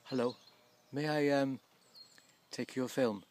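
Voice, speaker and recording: A man giving casual, gently humorous commentary outdoors by a field, slowly explaining English words as he films. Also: mid-range voice, fairly even intonation, slight background noise. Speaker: vlogger teaching English.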